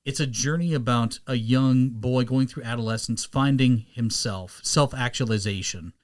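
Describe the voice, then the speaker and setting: A man hosting a casual podcast chat, talking loosely with quick asides. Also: mid-range voice. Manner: chatty, quick asides and impressions. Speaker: podcast host.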